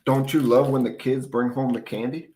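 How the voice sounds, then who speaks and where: A man's voice: medium pitch, flat delivery, normal speed, mellow. A man with an ordinary mid-range voice, co-hosting a casual sports podcast. He keeps things laid-back and slangy, often chiming in with short replies. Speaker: podcast co-host.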